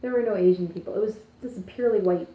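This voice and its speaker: Animated Canadian woman, roomy lo-fi sound. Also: medium pitch, very fast. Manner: animated, sarcastic asides. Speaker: podcast co-host. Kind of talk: casual chat.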